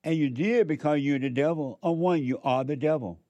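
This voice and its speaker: A man's voice: a little high, a little fast, mellow, no echo, lo-fi sound. A man preaching a sermon, exhorting and repeating his points while speaking straight to the listeners. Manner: repetitive, exhorting, addresses listeners directly.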